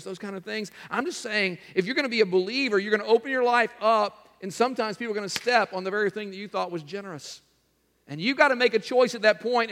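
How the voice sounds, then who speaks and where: A middle-aged man preaching a sermon as pastor, animated, slipping into mimicking voices. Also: high-pitched, in a large hall.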